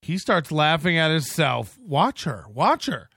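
A man's voice: on the high side, very animated, unhurried, a bit bright, no room sound, clean studio sound. A male host giving crude, sarcastic commentary on stream clips and mimicking the people in them.

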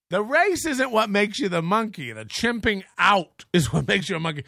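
A man's voice: sits high, very animated, moderate pace, vocal fry, hardly any pauses, bright, forceful tone, no room sound, clean studio sound. A male show host ranting crudely and mockingly about a viewer dispute, laughing at his own jokes.

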